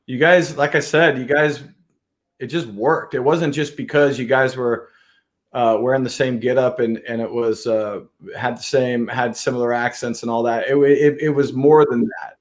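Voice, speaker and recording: A man's voice: mid-range voice, steady tone, moderate pace. A man hosting an interview podcast, talking casually with lots of restarts. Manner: rambling, many fillers and restarts. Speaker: podcast host.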